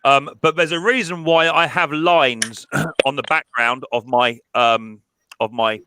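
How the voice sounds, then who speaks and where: A man's voice: medium pitch, steady tone, a little slow, background noise. A man hosting a live stream chat, telling a personal story with many restarts and repeated words. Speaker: mower repair channel host.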